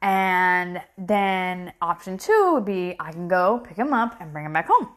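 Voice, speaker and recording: A middle-aged woman telling a story in a casual vlog, animated and acting out her own shocked reactions, recorded on a phone. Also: lowish voice, a little slow.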